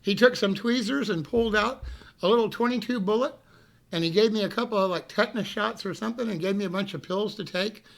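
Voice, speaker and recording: A man telling a story casually on a live stream, animated, swearing freely and laughing as he goes. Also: sits high, fast talker, gravelly.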